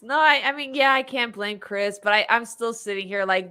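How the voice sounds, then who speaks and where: A woman hosting a casual podcast chat, animated, laughing often and acting out quoted lines. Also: a little high, moderate pace, few pauses, clean tone. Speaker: podcast host.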